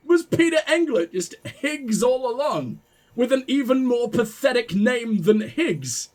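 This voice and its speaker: A man's voice: very high-pitched, very animated, a little slow, pauses often, a little mellow. A man hosting a video game let's play, cracking sarcastic jokes and swearing freely. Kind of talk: gameplay commentary.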